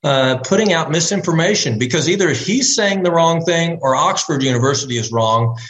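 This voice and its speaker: Male doctor guest, fairly high voice, measured, listing points, faint noise behind. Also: expressive, a bit bright, rough recording. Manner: measured, builds arguments in lists. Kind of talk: interview answers.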